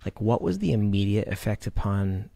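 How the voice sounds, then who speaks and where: A low-pitched male podcast host who affirms his guest and then sums up the guest's points in lofty words. His voice sounds dry and close, with no room around it. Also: sing-song, normal speed, creaky, mellow, no echo. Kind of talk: reflective interview questions.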